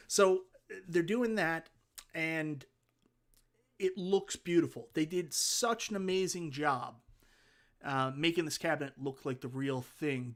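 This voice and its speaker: A man's voice: on the high side, fairly bright tone. A man with a Newfoundland accent hosting a casual livestream, rambling enthusiastically and thanking viewers for their comments. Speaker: livestream host. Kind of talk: casual live chat, reading viewer comments.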